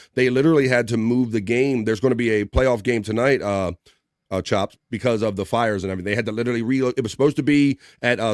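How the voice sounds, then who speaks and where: A man hosting a casual livestream talk show, reading out viewer comments in a relaxed, rambling way with lots of fillers. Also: mid-range voice, no room sound, clean studio sound.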